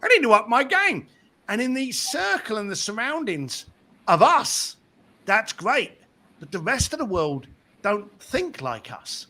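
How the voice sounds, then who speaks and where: A man being interviewed about his book tells stories with a bright, sharp edge to his voice. He sits fairly high and swings his pitch widely. He slips into impressions of the people he describes. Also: big pitch swings, a little slow. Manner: acts out other people's voices while telling anecdotes. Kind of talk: animated storytelling in conversation.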